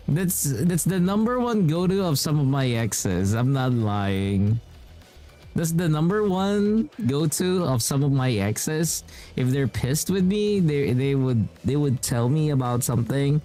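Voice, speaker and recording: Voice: medium pitch, mellow. A game streamer chatting casually while playing, rambling and acting out what other people say. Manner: rambling, acts out quoted speech. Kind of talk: casual chat while gaming.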